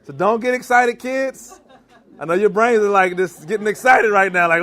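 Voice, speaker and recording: A man from Maryland giving an animated live cooking demonstration in a church hall, teasing and quizzing his audience. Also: high-pitched, normal speed. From Maryland, US East Coast. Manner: animated, teasing, asks the crowd questions. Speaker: chef giving a cooking demo.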